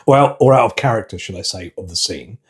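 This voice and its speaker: A man hosts a relaxed podcast conversation with a husky, slightly breathy voice. He chats in a self-deprecating way and often restarts sentences as he goes. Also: on the low side, fast talker. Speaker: podcast host.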